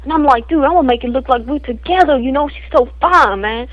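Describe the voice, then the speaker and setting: A woman's voice: high-pitched, fast, dry recording, lo-fi sound, close to an everyday voice. A woman voicing a crude, boastful street guy in an improvised comedy spoof, who rambles in slang and tacks "man" and "fool" onto every phrase.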